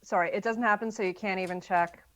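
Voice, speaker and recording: A woman's voice: medium pitch, fairly even intonation, fast talker, fairly bright tone. A woman playing a tabletop game in casual chat, hesitant and often checking the rules. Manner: hesitant, asking rules questions. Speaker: player.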